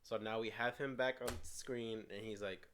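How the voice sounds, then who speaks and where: A man's voice: lowish voice, steady tone, normal speed, a bit bright, a little hiss or hum. A man co-hosting a casual movie review, eagerly retelling scenes and stumbling over his words. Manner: frequent restarts and stumbles. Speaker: co-host of a movie review show.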